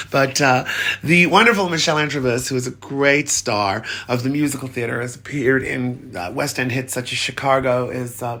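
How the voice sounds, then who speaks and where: A man's voice: mid-range voice, a bit bright. A man hosting a theatre show, camp and effusive, calling listeners honey and darling, laughing often, in pain from an injured arm. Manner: laughs often mid-sentence. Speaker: host.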